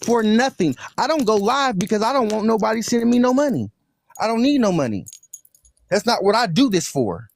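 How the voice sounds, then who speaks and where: Aggressive, profane man with a lively, high, gravelly voice. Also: brisk, no room sound. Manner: aggressive, profane, repeats himself, threatening. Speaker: social media personality in a live debate. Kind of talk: heated argument in a live online debate.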